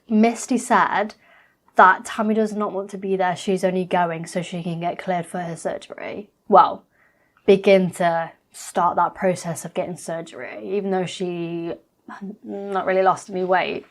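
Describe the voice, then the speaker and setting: A woman's voice: fairly low pitch, level tone, a little slow. A woman reacting to a reality TV episode in a blunt, chatty way, swearing freely. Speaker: reaction vlogger.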